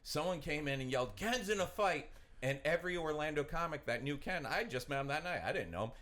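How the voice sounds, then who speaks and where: A man's voice: fairly high pitch, expressive, fast, a bit bright. A man, a feature comedian, telling an easygoing story backstage in casual chat.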